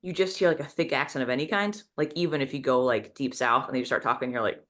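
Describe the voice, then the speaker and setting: A woman chatting casually in a group, talking in quick bursts with many restarts. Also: very deep voice, a bit bright. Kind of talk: casual chat.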